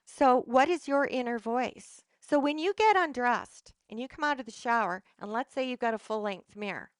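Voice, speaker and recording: A woman's voice: a little high, normal speed, smooth, dry recording. A middle-aged woman, a holistic practitioner, giving an earnest, emphatic motivational talk to a live audience and often restarting her sentences.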